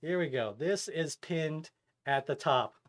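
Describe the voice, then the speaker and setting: A man's voice: a little high, a little slow. A man streaming a game live, chatting casually and reading and answering his chat as he plays. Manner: animated, chatty, reads chat aloud.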